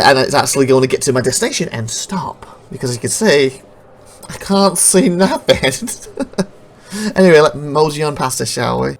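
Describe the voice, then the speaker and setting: Male gamer talking over his own footage, rambling, self-correcting; gravelly edge, light noise floor. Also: medium pitch. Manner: rambling, self-interrupting, laughs at bugs. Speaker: gameplay commentator. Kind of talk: casual recorded gameplay commentary.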